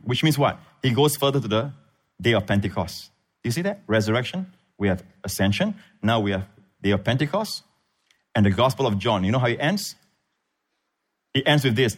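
A man preaching a sermon as pastor, emphatic, swinging between loud peaks and low asides. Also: lively intonation, brisk, breathy edge. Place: church.

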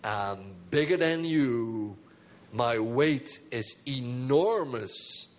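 A man voicing a personified problem as a boastful, taunting giant, slow and swaggering. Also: medium pitch, lively intonation, pitched below the performer's own voice.

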